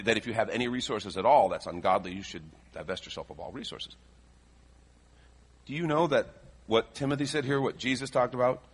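A man's voice: on the low side, pushed and bright, husky. A male pastor from the Chicago area preaching a sermon, reading scripture aloud and adding joking asides.

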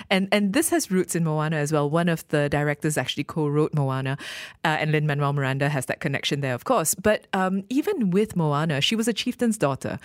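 A woman's voice: fairly low pitch, darkish tone, no room sound, clean studio sound. A woman co-hosting a radio film review show, chatting enthusiastically. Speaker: radio co-host.

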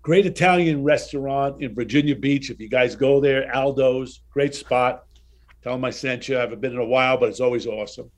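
Animated man telling show-business stories. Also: mid-range voice, a little fast. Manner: animated anecdotes, acts out dialogue. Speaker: guest. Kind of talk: casual storytelling interview.

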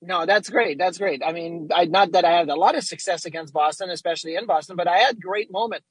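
A middle-aged man co-hosting a sports talk show, telling lively stories and acting out quotes. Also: sits high, quick pace, husky, no room sound, rough recording. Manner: animated storyteller, acts out quotes. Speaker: radio co-host, former goalie. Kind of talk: casual sports talk, storytelling.

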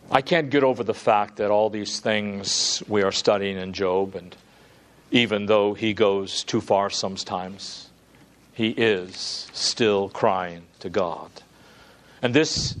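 A pastor preaches a sermon in church, his words shifting from quiet and drawn out to loud, high-pitched, pleading cries.

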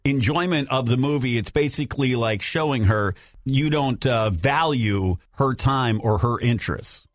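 A man hosting a radio show, questioning callers in an animated, probing way. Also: mid-range voice, moderate pace, no echo, studio quality. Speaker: radio host. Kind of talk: morning radio chat.

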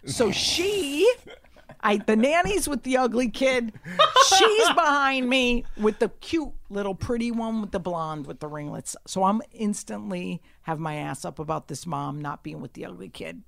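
A woman telling a story in casual chat, brash and profane, swinging from hushed asides to shouting. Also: medium pitch, animated, a little slow, vocal fry.

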